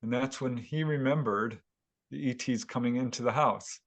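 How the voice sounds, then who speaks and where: A man, a guest author, telling a story at length in a casual interview, animated and laughing now and then. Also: medium pitch, normal speed. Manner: animated retelling with chuckles. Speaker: guest author and UFO investigator.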